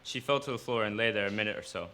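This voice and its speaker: A man's voice: on the low side, rapid-fire, slight background noise. Man reading his own story aloud. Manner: steady storytelling narration. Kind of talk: live fiction reading. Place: cafe, live event.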